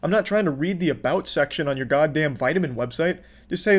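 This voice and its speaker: A man with a fairly high, animated voice talks a little fast as he delivers commentary for YouTube. Sarcastic and exasperated, he curses freely while making fun of what he watched.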